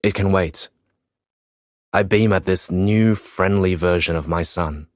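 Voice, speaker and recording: Very deep, slow man narrating. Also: dry recording, studio quality. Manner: weary, reflective storytelling. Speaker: audiobook narrator. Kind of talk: first-person audiobook narration.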